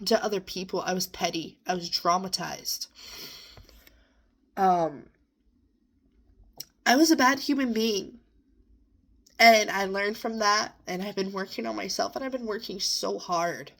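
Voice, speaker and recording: A young woman shares a heartfelt personal monologue, her voice at an ordinary middle pitch. She is earnest and emotional, sometimes close to tears, but keeps pressing on with encouragement for herself and her listeners. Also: a little slow, vocal fry, long pauses, a bit bright. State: near tears at times. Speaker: vlogger.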